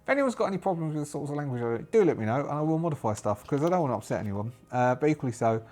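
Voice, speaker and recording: A man's voice: fairly high pitch, expressive, rapid-fire, darkish tone, faint music behind. A British man running a solo tabletop game, hesitant and thinking aloud with many fillers and restarts. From Britain.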